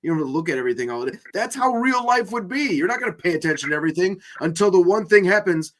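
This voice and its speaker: A man's voice: high-pitched, fast. A man in a casual group chat, talking animatedly and acting out bits of movies. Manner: animated, acts out movie quotes. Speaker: panel participant.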